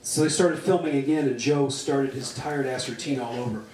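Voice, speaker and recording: A man's voice: medium pitch, a little fast, darkish tone. Man reading crude fiction aloud, roomy. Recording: roomy sound from a distant mic.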